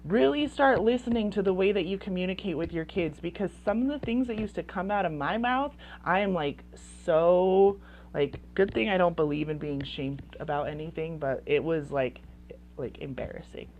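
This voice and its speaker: A woman's voice: lowish voice, moderate pace, a little mellow, dull audio, slight background noise. A woman in her thirties, a parenting coach, talking bluntly and with passion, swearing and hammering points home through repetition. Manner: blunt and impassioned, swearing, repeating phrases for emphasis. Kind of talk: direct-to-camera talk.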